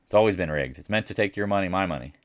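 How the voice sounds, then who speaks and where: Brash low-voiced man on a market livestream. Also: lively intonation, rapid-fire, dry recording, studio quality. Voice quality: mimics others in a higher, louder voice when quoting them. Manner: blunt, brash, swings from loud to muttered asides. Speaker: market commentator. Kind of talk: live market chat.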